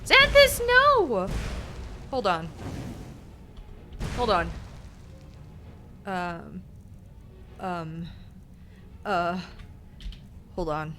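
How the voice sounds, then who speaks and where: A woman's voice: on the low side, drawn-out words, long pauses, a bit bright, soft background music. A young adult woman streaming a game, chatting casually in a rambling, self-conscious, giggly way. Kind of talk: casual gaming stream chat.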